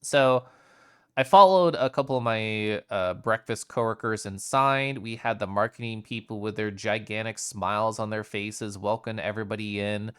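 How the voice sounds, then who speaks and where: A man's voice: lowish voice, normal speed, smooth, dry recording, clean studio sound. A young man streaming at home, casually telling his chat a rambling story full of fillers. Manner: chatty, rambling, frequent fillers.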